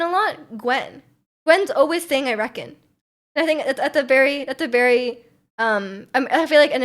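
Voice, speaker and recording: Young woman streamer, higher voice, chatty and giggly, loose rambling delivery. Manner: chatty and giggly, thinking out loud with many restarts. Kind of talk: casual live-stream chat, answering chat messages.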